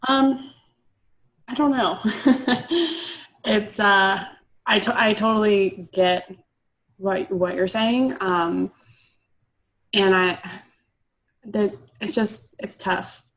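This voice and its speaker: A woman in her late twenties, a coaching client, talking haltingly about her struggles. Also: mid-range voice, low-quality recording. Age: 20s. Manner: hesitant, many fillers and restarts. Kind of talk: hesitant personal sharing.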